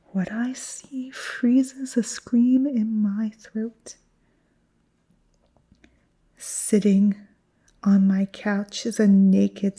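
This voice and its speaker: A woman narrating a first-person horror story in a tense, hushed, often whispered voice. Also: medium pitch, husky.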